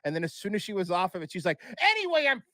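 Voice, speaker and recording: A man's voice: high-pitched, steady tone, racing, no room sound. A man talking as a podcast guest in casual chat, blunt and profane, rambling with restarts.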